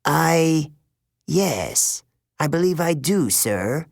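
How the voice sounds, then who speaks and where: A man's voice: on the high side, very animated, very slow, gravelly, no room sound, clean studio sound, pitched above the performer's own voice, exaggerated voice. Man doing a stiff older woman teacher. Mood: curt. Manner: curt and demanding.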